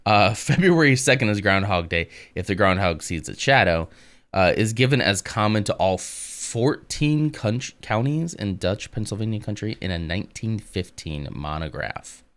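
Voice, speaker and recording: A man streaming live, reading aloud and chatting casually with his viewers in a relaxed, rambling way. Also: lowish voice, clear, resonant tone. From United States. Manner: relaxed and rambling, reads text aloud and answers chat.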